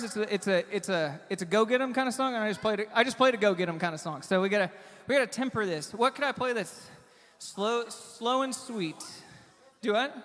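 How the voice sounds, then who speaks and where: A man performing live, chatting between songs in a rambling, halting way, stumbling over restarts. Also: high-pitched, bright, forceful tone. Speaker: singer-songwriter performing live. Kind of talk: between-song stage banter. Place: small bar stage. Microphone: stage vocal mic. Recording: live bar recording with long reverb and band music. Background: guitar and band music.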